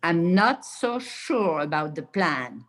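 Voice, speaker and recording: Low, slow woman student repeating phrases. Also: sing-song, fairly bright tone. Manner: careful, deliberate repetition. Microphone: video call.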